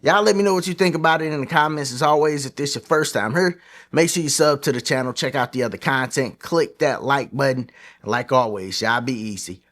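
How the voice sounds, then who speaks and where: A man hosting his own sports commentary channel, giving his opinions in animated, slangy, casual talk. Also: mid-range voice, brisk.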